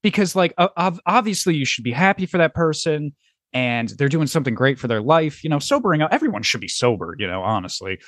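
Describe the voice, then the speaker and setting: Lively young man telling a story. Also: on the high side, quick pace, dry recording, clean studio sound. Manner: rambling, animated, swears freely, acts out friends' voices. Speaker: podcast host. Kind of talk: casual storytelling chat.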